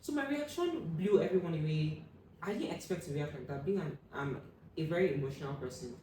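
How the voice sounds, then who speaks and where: Animated woman telling a story in a roomy space. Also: a little fast, far from the mic. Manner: animated, acts out quoted voices with sudden loud high bursts. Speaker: guest. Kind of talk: personal storytelling in an interview. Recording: echoey room, voice from off the mic, faint room hum.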